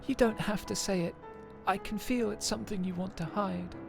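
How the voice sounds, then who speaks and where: A woman voicing a gentle, earnest young female being in a video game, speaking softly and pleadingly. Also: mid-range voice, steady tone, normal speed, gravelly, lightly acted. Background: faint game music.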